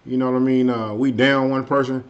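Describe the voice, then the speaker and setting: A man hosting a casual live stream, chatting loosely with viewers and saying his energy is low tonight. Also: flat delivery, fairly quick. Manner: loose and conversational, frequent "hey" and "you know what I mean". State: a bit under the weather, low energy. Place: at home. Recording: dull lo-fi stream audio.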